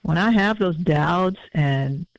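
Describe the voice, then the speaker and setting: A man in his fifties, a musician talking as a guest in a casual interview, reflective and halting with many fillers. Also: high-pitched, gravelly, dry recording. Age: 50s. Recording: dull lo-fi audio.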